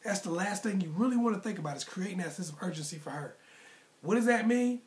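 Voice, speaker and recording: A man's voice: sits high, expressive, quick pace. A man coaching single men on dating in a casual, emphatic, repetitive advice monologue with slangy phrasing. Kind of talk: direct-to-camera advice monologue.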